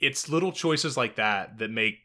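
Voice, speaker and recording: A man co-hosting a casual podcast about a movie, animated and profane, laughing often. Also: medium pitch, a little slow. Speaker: podcast co-host. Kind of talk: casual film discussion.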